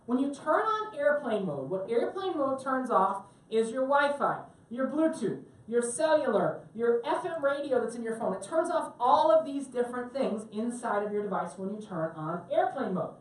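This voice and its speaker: A woman's voice: fairly high pitch, animated, moderate pace, hardly any pauses. A woman teaching a tech class to a live audience on a cruise ship, chatty and joking and asking the room questions. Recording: very echoey room, mic at a distance.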